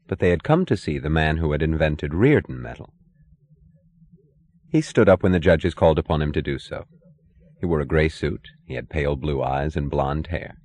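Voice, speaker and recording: Deep-voiced male audiobook narrator. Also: darkish tone. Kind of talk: scripted novel narration.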